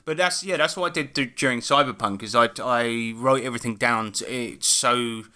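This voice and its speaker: A man's voice: mid-range voice, normal speed, sharp tone, clean tone. A man co-hosting a casual podcast about running tabletop games, telling stories with lots of laughs, swearing and restarts. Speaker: podcast co-host and game master.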